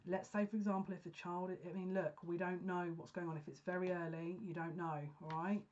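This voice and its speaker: Female psychic reader, heartfelt halting delivery, lowish voice, muffled lo-fi audio. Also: little pitch movement, darkish tone. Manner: earnest, emotional, halting restarts. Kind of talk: pick-a-card reading monologue. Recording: dull lo-fi sound.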